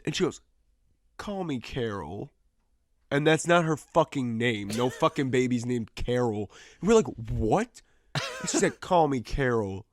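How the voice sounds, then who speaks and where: A man co-hosting a podcast who rambles through long stories and swears freely. His voice sits at an ordinary middle pitch. The studio mic sound is close and dry. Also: dry recording. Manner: swears a lot, rambling storytelling. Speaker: podcast co-host. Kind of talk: casual podcast chat. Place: small studio.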